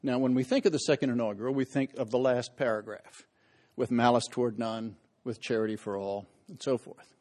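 A man's voice: mid-range voice, fairly even intonation, fairly quick, a little mellow. A middle-aged man giving a public history lecture, telling stories with wry asides and dramatic emphasis.

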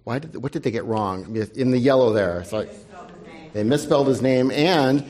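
A man moderating a panel and running a news quiz for an audience, brisk and wry, dropping his voice for asides. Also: mid-range voice, lively intonation, darkish tone. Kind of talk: live panel event hosting.

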